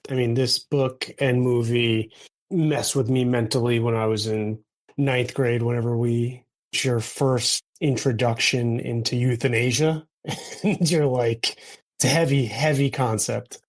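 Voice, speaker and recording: A man of middle pitch on a casual movie podcast. He tells his stories with jumps of animation and laughs often. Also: fairly even intonation, a little slow. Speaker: podcast co-host.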